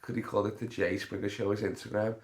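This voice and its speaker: Young comedian host, low-pitched, rambling and profane, casual storytelling. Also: male voice, flat delivery, fast. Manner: rambling, swears a lot, frequent fillers.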